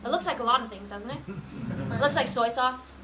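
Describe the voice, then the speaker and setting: A woman's voice: fairly high pitch, moderate pace, a crowd in the background. A woman leading a guided tour on a cheese farm, chatty and quizzing her group with questions. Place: working cheese farm dairy.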